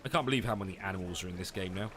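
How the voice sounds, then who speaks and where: Male game streamer, lower register, casual chatty manner, hedges a lot, quick to laugh. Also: a crowd in the background. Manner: relaxed and chatty, hedging with fillers and laughing often. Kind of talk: casual live-stream chat reading viewers' comments.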